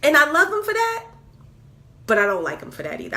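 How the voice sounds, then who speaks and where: A woman's voice: medium pitch, very animated, a little fast, pushed and bright. A woman venting candidly on camera, exasperated and repeating herself with stammered restarts. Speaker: vlogger.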